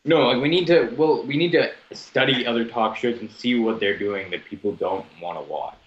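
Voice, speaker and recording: A man's voice: medium pitch, moderate pace, reverberant, dull audio. A young man co-hosting a casual talk show over video chat, with crude, laughing banter. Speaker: co-host.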